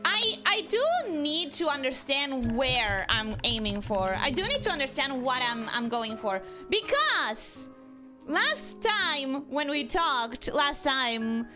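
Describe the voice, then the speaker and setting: A woman's voice: high-pitched, sing-song, slow pace. A young woman chatting with her viewers as she streams a game from home on a desk mic, bubbly and talkative, with game music playing behind her. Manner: bubbly, chatty, talks to chat. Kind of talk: casual game stream chat.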